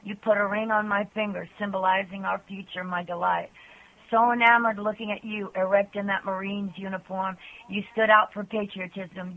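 Woman caller on a tinny phone line, earnest, reads her poems, chats in between. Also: medium pitch. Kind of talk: poetry reading on a call-in show. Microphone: telephone.

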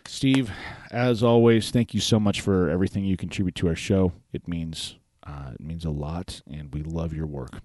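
A man's voice: sits low, moderate pace, few pauses, a little mellow. A man hosting a podcast in a casual, rambling way, with plenty of fillers and restarts. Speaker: podcast host. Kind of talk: casual talk-show chat.

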